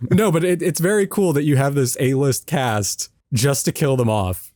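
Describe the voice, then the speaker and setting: A man's voice: mid-range voice, normal speed, a little mellow, no room sound, studio quality. A young man co-hosting a casual film commentary, joking around and now and then slipping into a silly Southern drawl. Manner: jokey, riffs with put-on Southern drawl bits.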